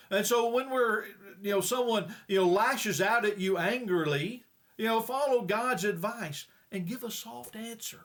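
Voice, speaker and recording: A man's voice: high voice, expressive, unhurried, a bit bright. A male preacher giving a folksy, plain-spoken sermon with frequent hesitations.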